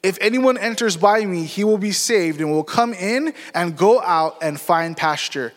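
A man with a high voice reads scripture in a measured, formal way. A long reverb from the church hall trails behind his voice. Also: animated. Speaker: scripture reader. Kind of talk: scripture reading. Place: church sanctuary.

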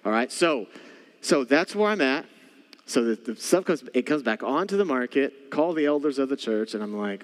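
A pastor with a medium-pitched voice preaches at normal speed, animatedly telling a story and addressing his congregation directly. The sermon takes place in a church sanctuary, and the hall's long reverb is audible.

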